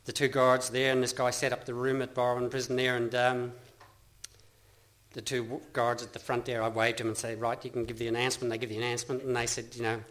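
A middle-aged Australian man shares his recovery story with a meeting, earnest and rambling, often restarting and laughing. His medium-pitched voice stays monotone, a little fast, with a fairly bright tone.

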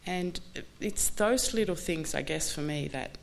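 A woman candidly telling her recovery story in a halting, earnest way, full of restarts. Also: low-pitched, gravelly. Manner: candid, halting, many restarts and you-knows. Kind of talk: personal testimony talk.

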